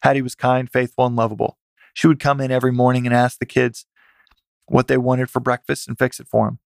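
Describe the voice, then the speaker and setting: Guy reading a family history book out loud, gravelly voice, pretty monotone. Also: medium pitch, fairly quick, no echo. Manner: plain, steady reading with occasional self-corrections. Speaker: narrator. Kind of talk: reading a family memoir aloud.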